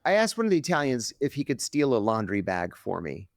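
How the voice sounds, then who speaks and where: Lively, dramatic male storyteller. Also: medium pitch, a little fast, no room sound, studio quality. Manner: dramatic, acts out quoted voices. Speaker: guest. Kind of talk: animated storytelling.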